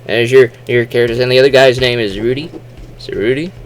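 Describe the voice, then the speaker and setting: This man's casual video commentary is fairly quick, medium in pitch and fairly even in intonation. As host he rambles with fillers and restarts, acting out silly exaggerated quotes, and a little hiss or hum is audible.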